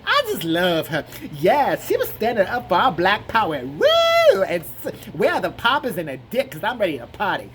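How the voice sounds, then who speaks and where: A man's voice: high voice, huge pitch swings, normal speed, gravelly, noisy background, voice pushed up, heavily acted. A man imitating a flamboyant young man who lisps and gushes. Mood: excited. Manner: lisping, gushing.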